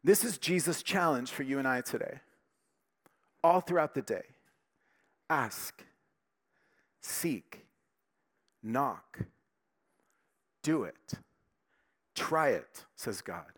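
A male pastor preaching with a lively, swooping delivery that surges in volume and then falls to a hush. His voice sits at an average pitch, and he mixes earnest exhortation with playful asides. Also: takes it slowly, pauses often. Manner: animated, emphatic preaching with sudden quiet drops. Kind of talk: sermon.

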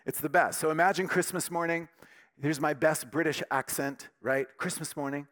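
A man preaching a sermon with emphatic, animated delivery, dropping to quiet, intimate tones between louder passages. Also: a little high, moderate pace. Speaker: pastor.

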